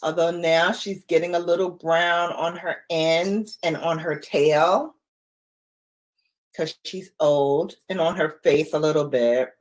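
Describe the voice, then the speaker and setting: A woman in her forties chatting casually with live viewers from home, playful and quick to laugh. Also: sits low, fairly even intonation. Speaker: livestream host.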